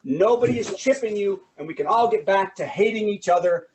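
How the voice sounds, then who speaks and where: A man doing stand-up comedy on a video call, telling lively jokes and stories. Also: high voice, brisk, recorded from a distance, noisy background. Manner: animated, joking, lively storytelling.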